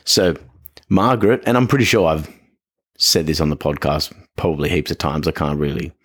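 An Australian man with a husky, slightly bright bass voice hosts a podcast at normal speed. He tells a story in a chatty, rambling monologue, often poking fun at himself.

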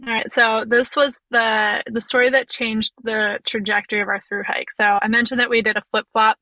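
A woman's voice: a little high, little pitch movement, normal speed, bright, forceful tone, no echo, low-quality recording. A young woman telling a hiking story as a podcast guest, chatty and full of "like" and "you know". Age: young adult. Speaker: podcast guest, physiotherapist and through hiker. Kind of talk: casual storytelling.

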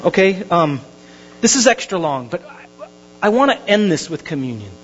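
A male pastor, preaching a sermon with animated storytelling that swings from hushed to loud. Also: high voice, moderate pace, a little hiss or hum. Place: church hall. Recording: dull lo-fi sermon recording.

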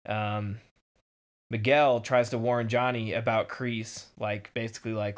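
A man's voice: fairly low pitch, fairly even intonation. A man in casual chat recapping a TV episode, rambling with lots of fillers and acting out characters' lines. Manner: rambling, filler-heavy, acts out characters' lines in quick voices. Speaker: podcast co-host.

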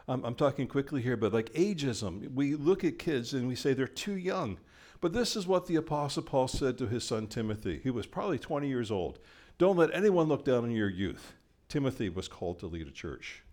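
Older man preaching a storytelling sermon. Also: lowish voice. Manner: storytelling, animated with voiced quotes. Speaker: pastor.

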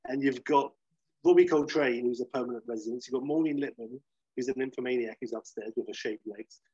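A man's voice: brisk, breathy edge, dry recording, dull audio. A man chatting casually as a podcast co-host, reviewing films and acting out quotes in silly voices. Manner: animated, acts out quotes in high silly voices. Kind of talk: casual film review chat.

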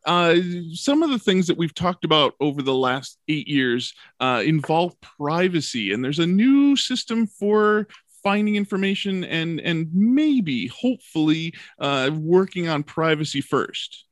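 Joking, higher-voiced male co-host. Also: sing-song, dry recording, studio quality. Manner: quick, joking asides. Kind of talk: casual chat.

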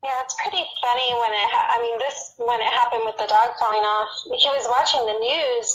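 A woman co-hosting a casual faith talk show, chatting and recounting an anecdote in an animated way. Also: on the high side, a little fast, rough recording.

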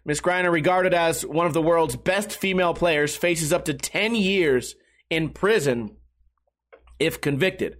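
A young man hosting a talk show, rambling through a profane, self-mocking casual rant. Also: unhurried. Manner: rambling, self-mocking, swings between high and low pitch. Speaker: podcast host.

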